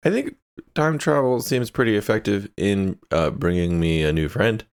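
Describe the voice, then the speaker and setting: A man's voice: fairly low pitch, expressive, normal speed, dry recording, studio quality. A man co-hosting a podcast, bantering in an improvised comedy bit, asking teasing questions. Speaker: podcast co-host.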